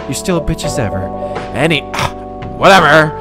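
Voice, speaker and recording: A snippy young barista woman, put on by a man, full of sass as she serves coffee in a game. Her voice leaps high and drops low as she talks, with game music playing behind. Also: big pitch swings, fairly quick. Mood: sassy. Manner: sassy, snippy. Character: sassy young female barista.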